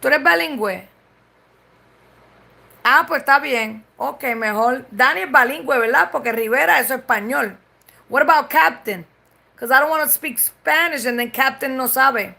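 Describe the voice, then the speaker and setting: A woman's voice: high voice, moderate pace, gravelly, pushed and bright. A Puerto Rican woman chatting casually on a live stream. She swears freely and switches between English and Spanish mid-sentence. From Puerto Rico.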